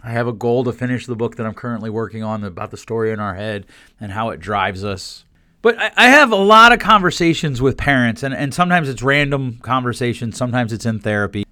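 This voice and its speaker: A man talking alone as a podcast host and therapist, animated and emphatic, often repeating words as he gets worked up. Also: medium pitch, fairly quick, dry recording, studio quality. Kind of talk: solo podcast monologue.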